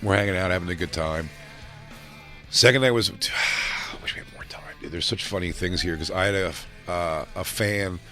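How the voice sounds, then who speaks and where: A man's voice: low-pitched, normal speed, sharp tone, faint music behind. A man co-hosting a casual talk show, telling rambling, profane stories and acting out drunk people he met. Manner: rambling, profane, acts out drunk fans in raised voices. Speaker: podcast co-host. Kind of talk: casual chat, storytelling.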